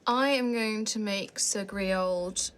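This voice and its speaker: A woman's voice: medium pitch, slow pace. A woman player in a tabletop game, asking rules questions and thinking aloud about her moves.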